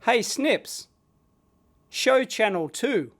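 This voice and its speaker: An Australian man hosting an electronics video, chatting casually and getting excited while he demos a gadget at his bench. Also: very high voice, very slow. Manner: excitable, chatty, blokey slang.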